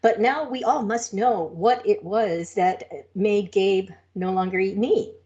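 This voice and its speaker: A woman's voice: medium pitch, measured pace, warm tone, dull audio. A woman co-hosting a podcast in casual chat, talkative, laughing easily and telling rambling stories. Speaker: podcast co-host.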